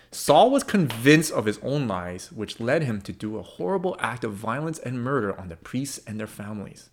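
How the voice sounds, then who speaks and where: A man preaching a sermon in an emphatic, expressive way, swinging between loud and soft. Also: medium pitch. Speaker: pastor.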